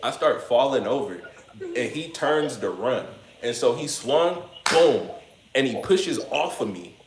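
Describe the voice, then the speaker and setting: A man's voice: medium pitch, lively intonation, measured pace. A man hosting a livestream, telling a story in loose, slangy casual chat and laughing now and then. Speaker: livestream host. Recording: roomy room with faint noise.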